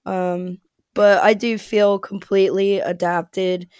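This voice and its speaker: A woman's voice: medium pitch, little pitch movement, takes it slowly, a little mellow, clear, resonant tone, no echo. Chatty American woman, dry sound. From United States. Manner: chatty, rambling, with frequent fillers and laughs. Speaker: podcast guest. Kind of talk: casual interview chat.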